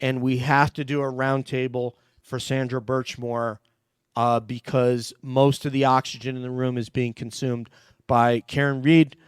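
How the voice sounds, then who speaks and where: A man's voice: medium pitch, level tone, unhurried, clear, resonant tone, dry recording, studio quality. A man hosting a casual livestream panel, reading out viewer donations in a chatty, joking way. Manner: chatty, jokey, thanks viewers warmly. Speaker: host reading super chats.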